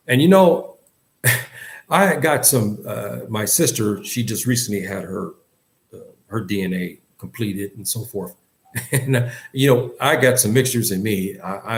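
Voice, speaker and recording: A man giving an Islamic lesson in English, earnest and emphatic, often repeating himself and restarting his sentences. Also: lowish voice. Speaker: religious teacher.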